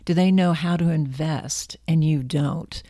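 A woman hosting her own talk as a wealth coach, speaking in a calm, measured, reflective way and drawing out her words. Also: low-pitched, dry recording, clean studio sound. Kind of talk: scripted talk to camera.

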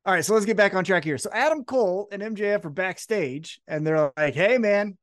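A man's voice: sits high, brisk, no echo, studio quality. A man co-hosting a wrestling podcast, recapping a show in casual chat, joking and swearing freely. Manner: profane, joking, animated storyteller. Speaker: podcast co-host.

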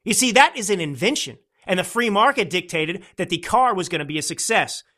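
This man hosts a political podcast, and his commentary comes out indignant, scornful and full of repetition. He speaks briskly in a high-pitched, expressive voice that sounds pushed and bright.

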